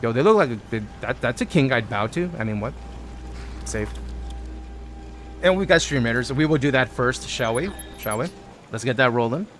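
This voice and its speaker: A man's voice: mid-range voice, fairly bright tone. Playful male streamer chatting through a game, mid-range voice, faint music behind. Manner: playful, joking, rambling with quick tangents. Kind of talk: casual live-stream chat while gaming.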